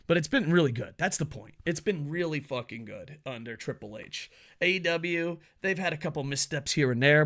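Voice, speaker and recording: Male wrestling commentator with a gravelly voice and a cursing, sarcastic, animated delivery. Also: on the high side. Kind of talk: casual ranting commentary.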